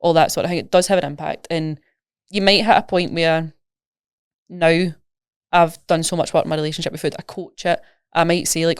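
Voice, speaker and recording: Fast-talking Scottish woman coach. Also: lowish voice, clear, resonant tone, dry recording, studio quality. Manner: chatty, rapid, animated explaining with examples. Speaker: nutrition coach, guest. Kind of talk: casual podcast interview.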